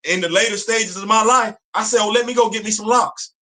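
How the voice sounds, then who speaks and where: A man's voice: high-pitched, steady tone, a little fast, pushed and bright. A man hosting a live show, giving an impassioned commentary full of slang, repetition and rhetorical questions. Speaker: host. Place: home studio on a live stream.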